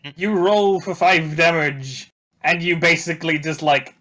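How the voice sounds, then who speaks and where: A man narrating as dungeon master in a casual tabletop game, relaxed and quick to laugh, swearing freely. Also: a little high.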